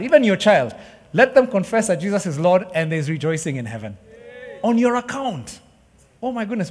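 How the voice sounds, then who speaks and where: Man preaching, high voice, passionate and emphatic, long hall reverb. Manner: passionate, emphatic, addresses crowd as "guys". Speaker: pastor. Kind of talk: sermon. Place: church hall.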